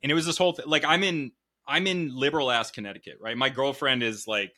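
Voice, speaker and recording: Male podcast host, bright voice, loose storyteller. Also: medium pitch, fast talker. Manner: storytelling, swearing, animated. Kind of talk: casual chat. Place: Connecticut home.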